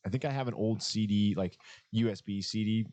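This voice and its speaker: A man co-hosting a casual podcast, easygoing and quick to laugh, swearing casually. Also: on the low side, a little mellow, no echo. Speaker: podcast co-host. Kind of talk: casual chat.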